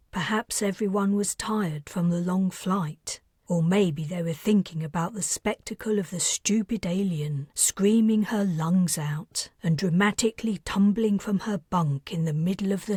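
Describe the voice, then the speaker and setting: A woman narrating her own science fiction audiobook, reading tensely, building to near-shouts in the panicked passages and dropping to hushed whispers in the quiet ones. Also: on the low side, a little slow, few pauses, husky, dry recording, studio quality.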